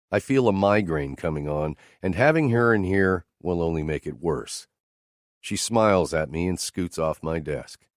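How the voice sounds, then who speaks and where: Male audiobook narrator with a very low voice, a firm, clipped read, and a dry studio sound. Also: animated, normal speed, no room sound. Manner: terse, firm, cold. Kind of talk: scripted first-person narration.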